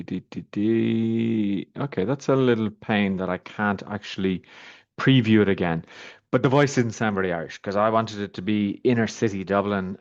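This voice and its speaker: A man with a fairly low voice walks through a software demo in a loose, thinking-aloud way, pausing often on fillers and half-finished phrases. The audio is a little muffled and dull. It sounds like an unscripted screen-share review.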